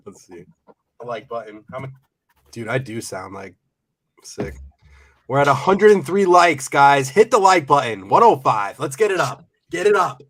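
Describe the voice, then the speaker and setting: A man's voice: medium pitch, big pitch swings, unhurried, pauses often, a bit bright, a little hiss or hum. A man hosting a casual live stream, stuffy and nasal from a cold, joking and hyping viewers. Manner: playful, hyped, laughs often.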